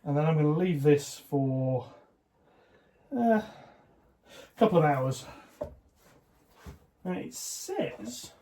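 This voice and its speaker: A man's voice: a little high, lively intonation, a little slow, long pauses, warm tone. A man casually narrating his model railway build as a hobby vlogger, chatty and self-deprecating with plenty of fillers.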